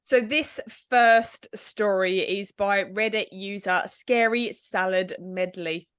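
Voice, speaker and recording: A woman co-hosting a podcast in casual chat, animated and laughing as she tells stories. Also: mid-range voice, clean tone, dry recording, studio quality. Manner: animated, quick bursts, laughs while telling stories. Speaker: podcast co-host.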